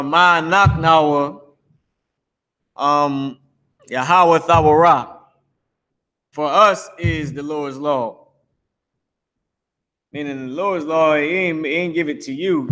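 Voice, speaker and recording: A man whose voice is on the high side, with a sharp tone, teaches a language class live to Facebook and YouTube. His delivery is relaxed and repetitive, and he grumbles when the stream goes down.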